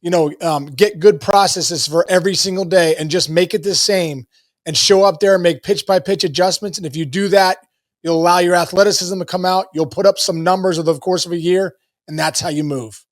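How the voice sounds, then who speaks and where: A man talks as a podcast guest in an upbeat coaching tone, often repeating his words. His voice sits high. The sound is dry and close. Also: steady tone, fairly quick, dry recording. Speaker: podcast guest, former ballplayer. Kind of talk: casual podcast conversation.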